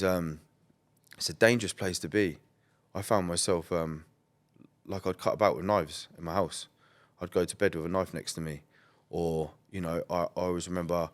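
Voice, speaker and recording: A very low-pitched man tells his story as a podcast guest. He talks in a loose, rambling way, peppered with "like", "um" and the odd swear. His delivery is candid and conversational. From England. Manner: rambling, many "like" and "um" fillers, blunt and swearing.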